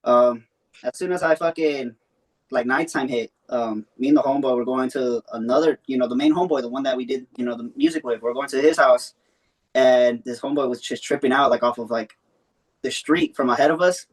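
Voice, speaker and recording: A man's voice: medium pitch, a little fast. A young man telling a long personal story in a loose, rambling way, full of swearing and fillers. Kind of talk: casual storytelling.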